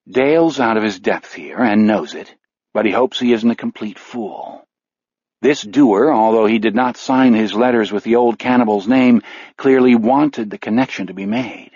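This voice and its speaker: Low-voiced male audiobook narrator. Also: no room sound. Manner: measured, dark storytelling. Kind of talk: scripted narration. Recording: dull, dry studio audio.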